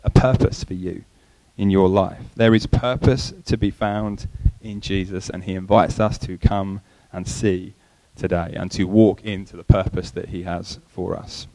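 A man preaching a sermon, in a conversational way, often repeating words and pausing. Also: low voice, fairly even intonation, warm tone, no room sound, poor audio.

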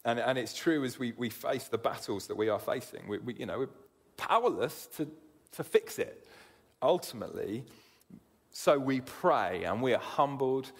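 A male preacher delivers an earnest sermon, repeating his first words before pressing on. His voice sits at an ordinary pitch for a man. The sound rings with the long reverb of a church hall. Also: expressive, normal speed, husky. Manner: earnest, repeats words while starting sentences.

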